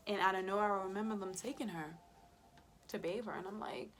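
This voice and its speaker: A woman, a birth worker and mother, tells a personal story for a vlog in a casual, emotional way, speaking straight to her viewers and often sinking into a soft whisper. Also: mid-range voice, steady tone, fairly quick, slight background noise. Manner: conversational, addresses viewers directly.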